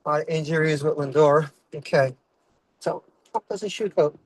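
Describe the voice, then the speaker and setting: A man's voice: on the high side, moderate pace. Man riffing stand-up comedy from his car. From Italian-American. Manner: rambling, asks himself "what else is going on". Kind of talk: stand-up set while driving. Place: inside a car.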